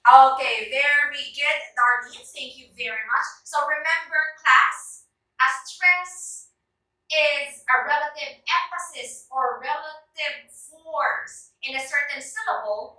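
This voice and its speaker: A young Filipino woman teaching an English lesson to a class, calling on students by name in a clear, deliberate way. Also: high voice, bright, forceful tone. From Philippines. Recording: echoey classroom from far off.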